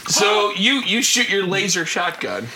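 A man narrating as game master in a casual, laughing way, with halting restarts. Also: high voice, very animated, vocal fry. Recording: echoey room with loud noise.

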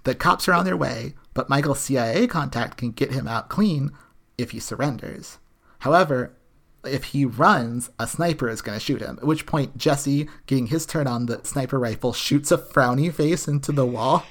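Sarcastic woman recapping an episode. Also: rumbling low. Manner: sarcastic, profane, quick recapping. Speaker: podcast co-host recapping a TV episode. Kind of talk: casual chat.

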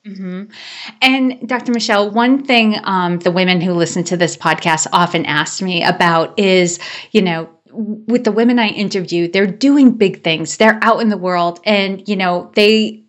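A woman hosts an interview podcast and asks her guest questions. She keeps the talk friendly and encouraging. Her voice sits at a middle pitch. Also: measured pace. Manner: encouraging, conversational. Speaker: podcast host. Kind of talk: interview hosting.

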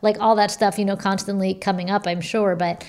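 A woman's voice: mid-range voice, little pitch movement, brisk, darkish tone. A young woman who recently had a baby, hosting a podcast and chatting in an encouraging way. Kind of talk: casual chat.

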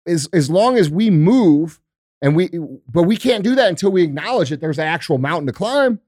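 A man's voice: a little high, animated, brisk, darkish tone, dry recording, studio quality. A male podcast host giving a blunt, profane motivational talk in a casual, emphatic way.

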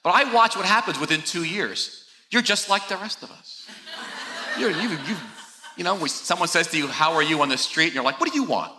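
A man's voice: a little high, fairly quick, background noise. An older man and pastor preaching a conversational, confessional sermon, often saying "you know" and poking fun at himself. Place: large church hall. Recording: echoey church hall.

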